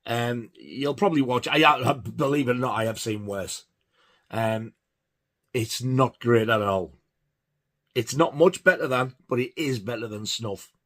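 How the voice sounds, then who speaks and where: A man's voice: medium pitch, unhurried, a bit bright. A man giving a casual, rambling film review, hesitant with many fillers. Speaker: film collector reviewing horror films.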